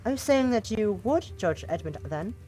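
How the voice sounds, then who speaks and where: A woman voicing Marnie, a sleepy young goth woman who answers in a quiet, pouty, drowsy way in a visual novel. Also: mid-range voice, lively intonation, moderate pace, soft background music, pitched above the performer's own voice, natural voice.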